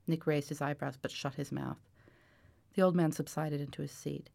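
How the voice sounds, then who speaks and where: A woman author reading aloud from her novel in a measured, expressive way. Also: low-pitched, creaky, no echo. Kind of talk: book reading.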